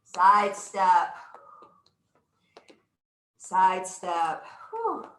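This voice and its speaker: A woman's voice: mid-range voice, big pitch swings, very slow, a bit bright, echoey room, poor audio. A woman leading a live exercise class, upbeat and encouraging, counting out moves with whoops and getting out of breath. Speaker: exercise instructor.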